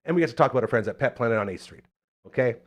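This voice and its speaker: Male host, Canadian, hype and animated, pitch swinging widely, mid-range voice. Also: rapid-fire. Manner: energetic, hype, promotional. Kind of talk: live local talk show hosting.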